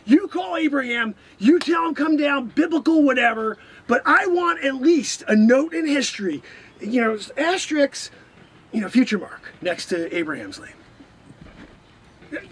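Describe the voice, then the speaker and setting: A man's voice: very high voice, lively intonation, measured pace, a little hiss or hum. A man playing a boastful, melodramatic time-traveling man who rants in exasperation in an improvised comedy sketch. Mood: aggrieved. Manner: exasperated rants, shouting, frequent exclamations.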